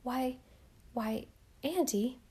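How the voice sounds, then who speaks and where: A woman voicing a gentle, dreamy young wife, speaking softly with a slightly lifted voice. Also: sits high, drawn-out words, breathy edge, voice pushed up, exaggerated voice.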